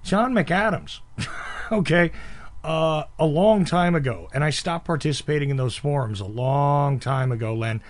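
A man from the northeastern United States talks in a loose, casual conversation, blunt and a bit abrasive, often breaking into laughter. His voice sits somewhat high for a man. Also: measured pace.

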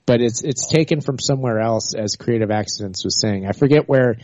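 A co-host chatting casually and explaining things in an easygoing way. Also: male voice, mid-range voice, fairly quick, a little mellow. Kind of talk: casual chat. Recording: dull lo-fi audio.

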